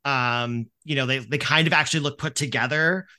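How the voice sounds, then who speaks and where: A man's voice: medium pitch, steady tone, a little fast, sharp tone. A man narrating as game master in a casual, rambling way, full of fillers.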